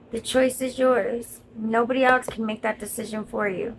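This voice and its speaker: A woman's voice: a little high, steady tone, normal speed, slight background noise, poor audio. A woman content creator giving an earnest, encouraging motivational monologue straight to her viewers.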